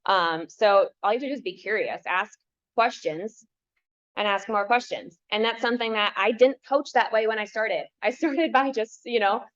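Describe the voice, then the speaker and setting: A woman's voice: medium pitch, normal speed, fairly bright tone. A woman coach talking casually to a workshop, thoughtfully explaining her approach step by step. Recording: dull lo-fi sound.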